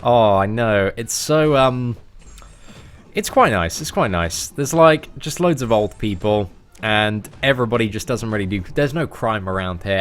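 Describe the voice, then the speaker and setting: A man's voice: on the low side, lively intonation, normal speed, faint music behind. A young man, chatting in a rambling, slangy way while livestreaming a game from home. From England. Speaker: gaming livestreamer. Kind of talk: casual livestream chat.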